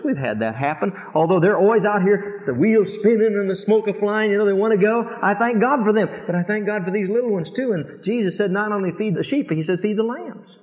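A middle-aged man preaching a sermon as pastor, acting out quoted voices and asking rhetorical questions. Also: sits high. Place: large church sanctuary. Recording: dull lo-fi recording with long hall reverb.

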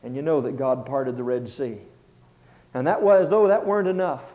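A man preaching a sermon as a pastor, swinging between loud passages and hushed ones. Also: medium pitch, lively intonation, moderate pace. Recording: tinny phone-like sound.

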